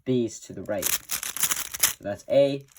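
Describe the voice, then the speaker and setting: A man's voice: fairly low pitch, slow pace, heavy background noise. A man hosting a casual spoken tutorial, talking in a stop-start way and correcting himself as he goes. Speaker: tutorial host.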